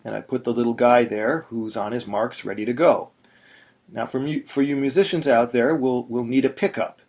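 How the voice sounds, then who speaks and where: Guy teaching torah chanting, patient and plain, middle pitch. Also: fairly even intonation, moderate pace, darkish tone. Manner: patient, plain-spoken, sings short chanted examples. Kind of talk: instructional video narration.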